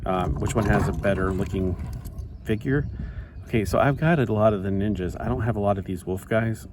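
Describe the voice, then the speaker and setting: A man's voice: fairly low pitch, brisk. A man chatting casually in a rambling, self-interrupting way while he builds a toy set. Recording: steady background noise.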